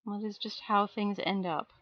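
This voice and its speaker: A woman's voice: mid-range voice, steady tone, moderate pace, no room sound, dull audio. A woman live streaming as she paints miniatures, chatting casually and self-deprecatingly while answering her chat.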